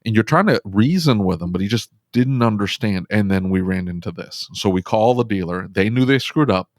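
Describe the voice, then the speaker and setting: Emphatic man, low register, dry close mic, quick bursts, shop-owner guest. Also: no room sound. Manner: animated, emphatic, talks fast in bursts. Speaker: auto repair shop owner, podcast guest. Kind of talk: casual storytelling conversation.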